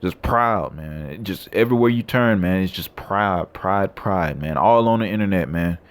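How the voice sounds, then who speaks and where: A man's voice: low voice, moderate pace. A man preaching and reading scripture aloud, blunt and coarse, tagging lines with "man" and "all right". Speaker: street preacher.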